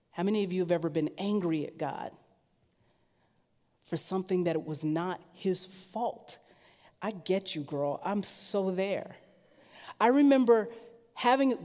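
Woman preaching in a reverberant hall. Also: measured pace. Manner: lively storytelling, rising in pitch and force when emphatic. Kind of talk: sermon.

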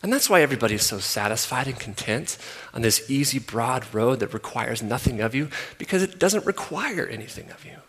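A man's voice: mid-range voice, expressive, fairly quick, few pauses, breathy edge. Emphatic preacher man in a big hall. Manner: emphatic, repeats phrases, swings from loud to soft. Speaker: pastor. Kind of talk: sermon. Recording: long hall reverb.

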